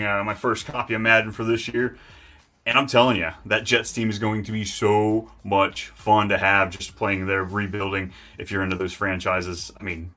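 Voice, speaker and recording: A man hosting a live fantasy football stream, talking in an excitable, hyped and rambling way. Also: on the low side. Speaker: host.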